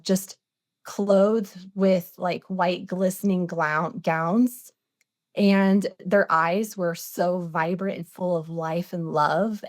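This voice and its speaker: Low-voiced woman telling her story. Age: 40s. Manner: earnest, animated retelling with quoted dialogue. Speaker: podcast guest. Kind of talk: personal storytelling interview.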